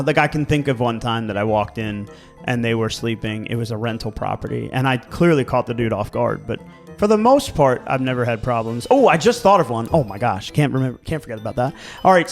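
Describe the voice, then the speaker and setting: A man's voice: medium pitch, a little fast, faint music behind. A man with a Baltimore accent, co-hosting a podcast and telling casual stories with laughs and swearing. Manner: animated storyteller, swearing, laughing. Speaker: real estate agent and podcast co-host.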